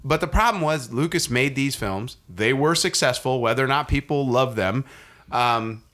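A man's voice: medium pitch, moderate pace, fairly bright tone. A man in casual chat, giving his opinions at length and explaining his points.

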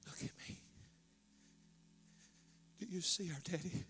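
A man preacher acting out a weeping man who reveals himself to his brothers, first ordering the room cleared, then speaking in choked whispers. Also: extremely high pitch, lively intonation, moderate pace, bright, forceful tone, a little hiss or hum, pitched above the performer's own voice, full character voice. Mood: tearful hush.

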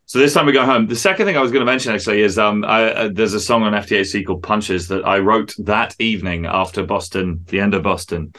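A man who is a musician guest in a casual interview, talking in animated stories and swearing freely. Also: lowish voice, fast talker, few pauses.

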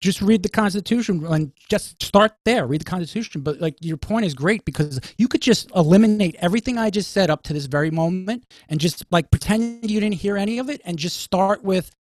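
Man, fairly high voice, heated casual talker, dry recording. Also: a little fast, hardly any pauses, dry recording. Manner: heated, stumbling restarts. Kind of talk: casual political talk.

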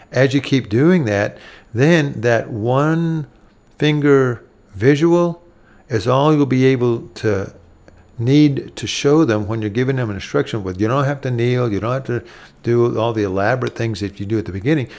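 A man's voice: mid-range voice, moderate pace. A middle-aged man hosting a parenting show, giving earnest advice and acting out what a parent should say to a child. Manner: earnest, acts out gentle parent lines to children. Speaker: parenting podcast host. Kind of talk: instructive talk.

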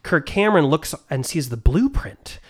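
A podcast co-host recaps a film in relaxed back-and-forth chat. The voice sits at a middle pitch but moves a lot. They keep dropping into quick impressions of the characters. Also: breathy edge. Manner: lively storyteller, mimics characters. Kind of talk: casual movie review chat.

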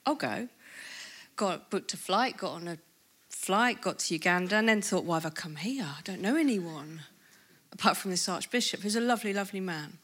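A woman in her fifties speaking at a conference, telling a personal testimony in a lively storytelling way and acting out what people said. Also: medium pitch, normal speed, slightly rough. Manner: lively storytelling with laughs and acted-out quotes.

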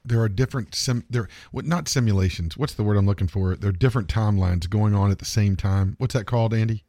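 A man's voice: lowish voice, fast, dark tone, no echo, clean studio sound. A man hosting a podcast, talking in a rambling, profane, chuckling way. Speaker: podcast host. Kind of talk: casual chat.

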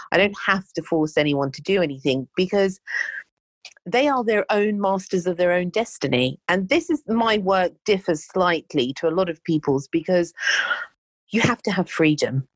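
A woman speaks in a lowish, animated voice, telling stories from her coaching work and acting out the dialogue as she goes. The sound is dry and close, with no room around it. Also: moderate pace, dry recording. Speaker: life coach and healer. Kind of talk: conversational storytelling.

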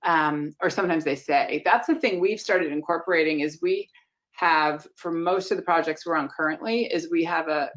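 Lady casting director in an interview, lively and emphatic, slightly low voice. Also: normal speed. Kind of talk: casual interview talk.

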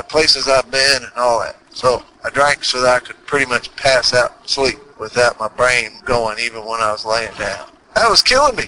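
A mid-range, pushed, bright male voice comes through poor audio with a faint hiss or hum. He's a motivational podcast host with a Texas accent, speaking earnestly and folksily and asking rhetorical questions again and again in his monologue.

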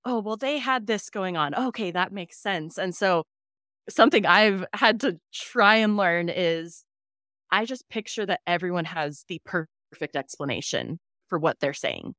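A woman host reflecting calmly in a conversation, affirming and thoughtful. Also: fairly low pitch, unhurried, no room sound, studio quality.

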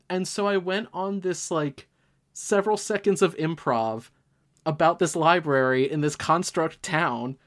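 A man, a voice actor, chatting casually in a cast Q&A with wry, quick jokes. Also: on the high side. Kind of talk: casual chat.

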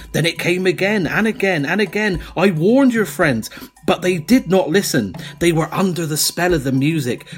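A man voicing a calm male jungle guide in a Cornish accent, in a podcast adventure game. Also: on the high side, close to an everyday voice.

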